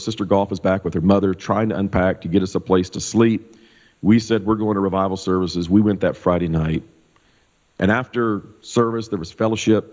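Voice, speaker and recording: A middle-aged pastor from Kansas telling a personal story in a loose, animated way, full of fillers. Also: male voice, lowish voice. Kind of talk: casual storytelling testimony. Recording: dull sound with long hall reverb.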